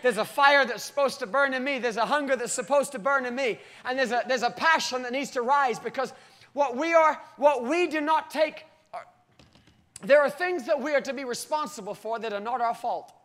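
A man delivers a sermon to his church, telling a story and reading scripture. His voice climbs to loud, drawn-out cries, then drops low and quiet.

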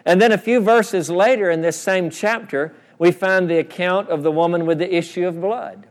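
Man, pastor, sermon, call-and-response, slightly high voice, long church reverb. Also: moderate pace. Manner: preaching with call-and-response, repeating phrases. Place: church sanctuary. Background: congregation responses.

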